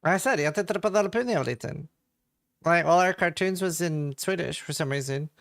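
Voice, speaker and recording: A man's voice: on the high side, brisk, vocal fry, fairly bright tone. A man from England chatting casually with viewers on a live stream, joking around.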